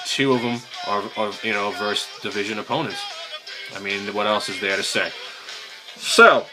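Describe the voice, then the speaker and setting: A young man hosting a fan video, ranting in exasperation about his football team, swearing and climbing to near-shouts. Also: fairly low pitch, moderate pace, music in the background. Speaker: sports fan video host. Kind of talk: ranting football recap vlog.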